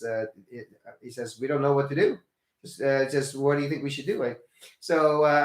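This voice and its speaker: An older male nurse from the Philippines talks casually to his viewers, wandering through his story with plenty of fillers and restarts. He is blunt and swears without much thought. His voice sits a touch high and rings in a roomy, echoey space. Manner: rambling, many fillers and restarts. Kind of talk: casual video update. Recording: echoey room.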